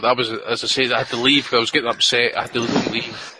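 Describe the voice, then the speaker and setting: A man's voice: medium pitch, flat delivery, fast talker, pushed and bright, a little hiss or hum, low-quality recording. Profane Scottish man telling rowdy stories. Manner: profane, rambling, laughs through his stories. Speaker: podcast co-host. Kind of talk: crude storytelling in casual chat.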